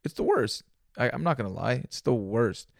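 A young man talks on his own podcast in a relaxed, rambling way, heavy on slang and swearing. His voice has a gravelly edge, and it sits close and dry on the mic. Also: medium pitch, moderate pace, no echo. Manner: loose and profane, laid-back slang. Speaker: podcast host. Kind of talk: solo casual storytelling.

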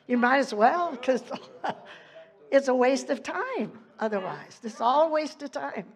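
A woman delivers a loose, conversational sermon at an unhurried pace, her voice sitting on the higher side. She leans hard on key words, laughs often and loses her place in the text. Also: very animated. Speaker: preacher. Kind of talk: informal sermon.

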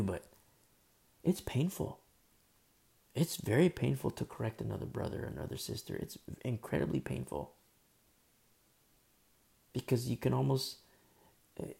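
A man giving a conversational sermon as a preacher, informal and full of fillers, often dropping to a soft murmur. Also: mid-range voice, gravelly.

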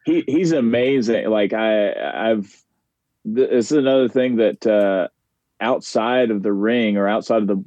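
A professional wrestler chats as a guest on a casual podcast, rambling, laughing easily and name-dropping fellow wrestlers. His voice is on the low side, unhurried and a little mellow, in a dry, muffled recording.

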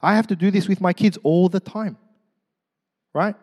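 Brief: middle-aged male pastor, a touch high-pitched, animated joking sermon, drops to quiet asides. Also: moderate pace, big-room sound. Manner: animated, joking, swings from loud to hushed. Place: church.

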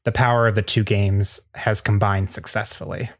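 A man's voice: fairly low pitch, little pitch movement, normal speed, vocal fry, no echo, studio quality. A man reading scripted narration at a table read, with a few small slips and restarts. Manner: plain storytelling with small slips.

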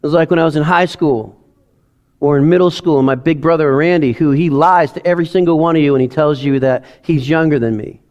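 A middle-aged male pastor giving a conversational, emotional sermon in a church sanctuary, swinging from quiet asides to loud emphasis. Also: fairly high pitch, a little fast, highs cut off.

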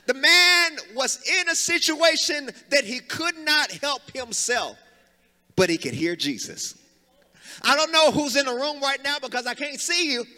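A male pastor preaches with a high, piercingly bright voice that swings widely up and down. He calls on the congregation to answer and slips into sung and shouted lines. His voice rings with the long reverb of a church sanctuary. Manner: preaching with rising fervor, sings and shouts phrases, calls on congregation to respond. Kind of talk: sermon.

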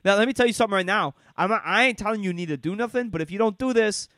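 Sammy is a loud, swaggering street bro who is sure he knows everything and lectures whoever is in front of him, as a man puts him on in a raised, pushy voice. The sound is dry and close, with no room around it. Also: high-pitched, very fast, dry recording, voice pushed up. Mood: lecturing. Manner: lecturing, swaggering, repeats "let me tell you". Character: brash male New York street bro, know-it-all.

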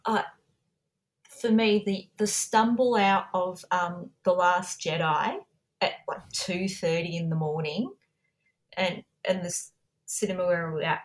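A woman podcaster in casual conversation, looking back on memories in an easy, unhurried way. Her voice sits low for a woman. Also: steady tone. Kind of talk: casual chat.

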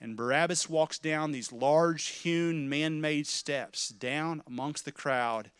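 A man preaching a sermon, telling a dramatic story in the second person, dropping to a hush and rising to loud shouts. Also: takes it slowly, clean tone, no room sound. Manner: vivid, swings from loud crowd shouts to hushed low narration. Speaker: pastor.

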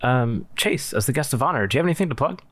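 A man's voice: mid-range voice, expressive, quick pace, fairly bright tone, dry recording. A man hosting a comedy podcast, casual and hesitant with lots of ums. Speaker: podcast host. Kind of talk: casual chat.

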